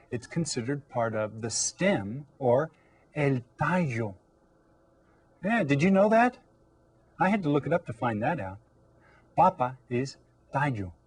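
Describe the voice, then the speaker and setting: A man teaching an elementary Spanish lesson on video, quizzing young pupils and repeating Spanish words slowly for them to follow. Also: medium pitch, slightly rough. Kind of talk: recorded classroom lesson for children.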